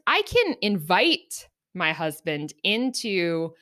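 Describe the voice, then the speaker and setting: A middle-aged woman co-hosting a podcast, talking earnestly and reflectively, lively when she acts out everyday examples. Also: on the low side, a little slow. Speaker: podcast co-host. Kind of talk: reflective conversational podcast talk.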